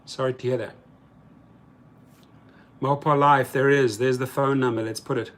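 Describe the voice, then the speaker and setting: A man's voice: medium pitch, steady tone, normal speed, fairly bright tone. A man hosting a live stream in casual talk, reading viewer comments aloud and speaking in heated, colloquial terms. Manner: heated, mocking.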